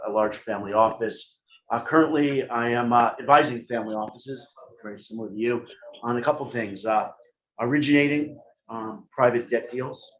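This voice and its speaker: A man's voice: mid-range voice, rough recording. A man with a thick Brooklyn New York accent talks on a panel over a video call. His delivery is loose and jokey, with lots of uh and um between thoughts. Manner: rambling, jokey, many fillers. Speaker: family office advisor, panelist. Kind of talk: panel discussion.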